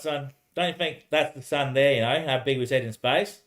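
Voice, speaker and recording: A man's voice: mid-range voice, brisk, hardly any pauses, fairly bright tone. A man talks alone on a casual livestream in an ordinary mid-range voice. He rambles loosely and trades lines back and forth with himself, peppering it with "mate" and bursts of laughter. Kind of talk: rambling solo livestream talk.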